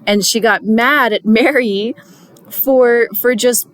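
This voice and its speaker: A woman's voice: a little high, slow pace, a bit bright. A middle-aged woman speaking to church volunteers in an earnest, chatty devotional talk, with many fillers and restarts.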